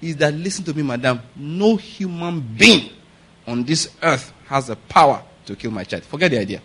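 A man preaches in a loose, conversational way, often checking in with his listeners through rhetorical questions. His voice sits a little high and carries a husky, breathy edge. He laughs easily between points. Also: animated, normal speed, sharp tone. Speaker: pastor. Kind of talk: sermon.

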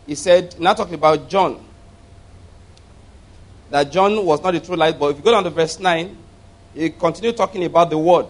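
Male pastor, fairly high-pitched, emphatic and repetitive sermon delivery. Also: fairly quick, pauses often. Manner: emphatic, repeats and asks the audience to follow. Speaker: preacher.

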